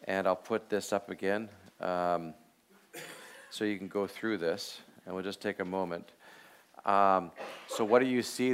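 Leading a class through a guided meditation on a Bible passage, a man speaks slowly and thoughtfully, pausing often with fillers. His voice is low-pitched, clear and resonant.

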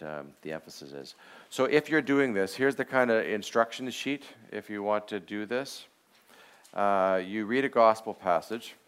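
A man with a very low, smooth and resonant voice gives a relaxed classroom lecture. He talks conversationally, peppering his points with fillers and quick rhetorical questions to his listeners. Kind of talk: teaching a class.

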